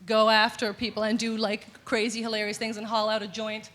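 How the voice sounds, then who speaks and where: A woman's voice: fairly high pitch, completely flat delivery, brisk, a bit bright. A woman from Newfoundland speaking thoughtfully on a comedy panel, with frequent restarts. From Newfoundland, Canada. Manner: thoughtful, hesitant, restarts often. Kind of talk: casual panel talk.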